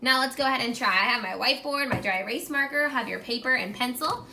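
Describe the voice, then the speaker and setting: A woman teacher giving a recorded grammar lesson to young students, clear and encouraging, slowing down while she writes on a whiteboard. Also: high-pitched, pushed and bright, a little hiss or hum.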